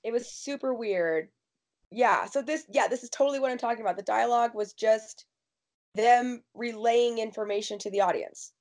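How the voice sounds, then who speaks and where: Woman host, casual recap chat, fairly high voice, quick and emphatic. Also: darkish tone. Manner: quick, emphatic, rushes through opinions. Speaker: podcast host.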